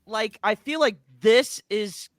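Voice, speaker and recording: A man co-hosting a casual sports podcast, excitable and prone to stammering restarts. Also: sits high, slow pace, no room sound. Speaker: podcast co-host.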